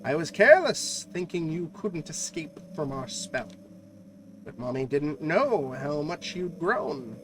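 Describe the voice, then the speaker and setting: A man's voice: a little high, big pitch swings, a little slow, slight background noise. A man voicing a scheming, sweet-talking cult mother in a mock-sweet taunting way, with music playing behind.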